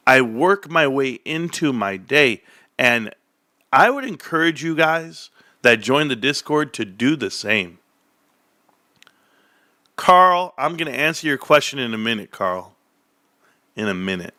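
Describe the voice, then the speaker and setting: A man's voice: on the high side, animated, measured pace, pushed and bright, dry recording, clean studio sound. A man in his forties rambling and joking to his viewers in a casual rant. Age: 40s. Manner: rambling, joking, tangent-prone. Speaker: stock market vlogger.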